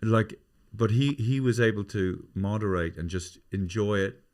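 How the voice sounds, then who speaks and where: A man's voice: on the low side, measured pace, a little mellow. An Irish man hosting a podcast in casual family chat, rambling and swearing freely, stumbling over his words. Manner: rambling, sweary, restarts often. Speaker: podcast host.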